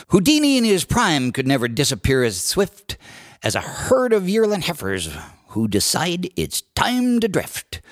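A man reciting a humorous cowboy poem with an expressive storytelling delivery. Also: sits high, dry recording, clean studio sound. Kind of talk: dramatic poetry recitation.

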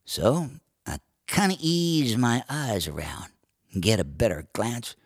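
A man reciting cowboy poetry and singing, with a lively drawl. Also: unhurried, husky. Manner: lively drawl with broad swings of pitch. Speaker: cowboy poet and singer. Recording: dry studio recording with guitar.

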